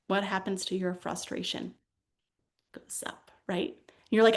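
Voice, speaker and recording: A woman's voice: lowish voice, normal speed, vocal fry, long pauses. A young woman leading a parenting workshop, teaching in a conversational way and acting out quoted lines as she tells stories. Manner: animated storytelling, acts out quoted lines.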